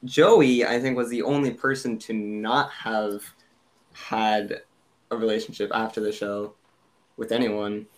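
A young man in a casual podcast chat, speaking quietly and tentatively. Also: lowish voice, little pitch movement, measured pace.

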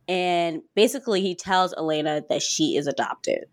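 Lowish woman voice, swears a lot, acts out the scenes while recapping, chill podcast vibe. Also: moderate pace, hardly any pauses. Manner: animated storytelling, swears freely, acts out quotes. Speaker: podcast co-host. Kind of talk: casual recap chat.

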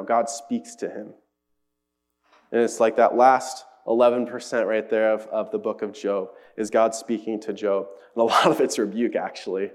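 A man's voice: mid-range voice, darkish tone. A young man giving a casual, earnest sermon, acting out the voices of the people he quotes. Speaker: preacher.

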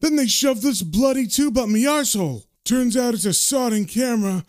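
A man voicing a cheeky, crude old male hospital patient who tells his stories in a raised, lively way. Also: very high voice, moderate pace, voice pushed up. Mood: indignant.

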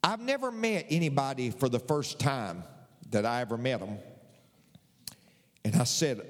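A man's voice: medium pitch, expressive, normal speed, pauses often, long reverb tail. A man preaching a sermon in a folksy, conversational way, repeating his key lines for emphasis.

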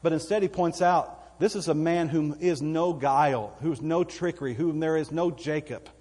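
A man's voice: on the high side, moderate pace, a little mellow, husky, big-room sound. A man with a Texan accent preaching a sermon as pastor, folksy and conversational, with asides to the congregation. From Texas.

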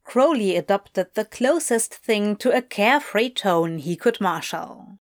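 A woman narrating fiction in an audiobook, reading in a measured, expressive way. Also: mid-range voice.

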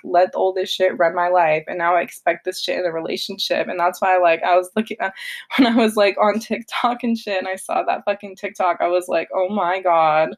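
A young woman hosting a solo podcast, talking in a blunt, confessional way with a lot of swearing. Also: medium pitch. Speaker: podcast host. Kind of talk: casual solo podcast monologue.

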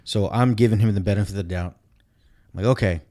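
A man in casual chat, telling a long story with blunt, profane, animated retelling. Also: lowish voice, fast.

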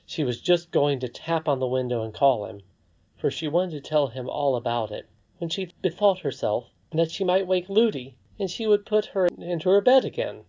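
A narrator reading a fairy tale aloud with a measured, expressive delivery. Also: medium pitch. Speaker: audiobook narrator. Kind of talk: storybook narration. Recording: slightly dull lo-fi recording.

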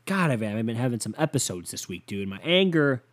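A man in a mid-pitched voice vents to his co-host in a loose, profane rant. He sighs heavily and lurches between sudden loud outbursts and tired, half-muttered asides, the exasperation never far from the surface. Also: sing-song, brisk. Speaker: podcast host. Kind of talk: casual ranting monologue.

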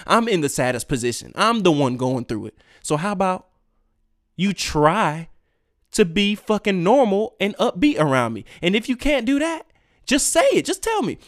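A man ranting on his own podcast, profane and emphatic, swinging between loud outbursts and quiet asides. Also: a little high, no echo, studio quality. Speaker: podcast host. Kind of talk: solo ranting podcast monologue.

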